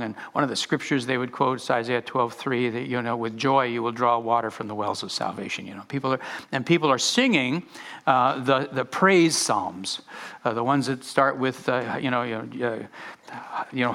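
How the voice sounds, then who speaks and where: A man preaching a sermon with animated delivery, often restarting and repeating words. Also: medium pitch. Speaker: pastor.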